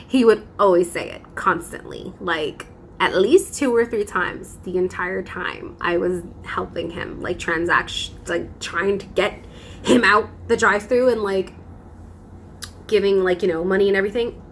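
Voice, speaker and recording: A woman's voice: medium pitch, measured pace, a little hiss or hum. A young woman vlogging casually, telling a story with dramatic emphasis and frequent laughs.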